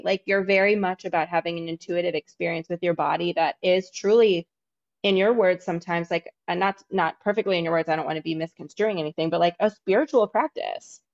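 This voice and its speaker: A woman podcast host talks candidly and swears casually in a chatty interview. Her voice sits fairly low, and the recording is dull and lo-fi. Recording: dull lo-fi audio.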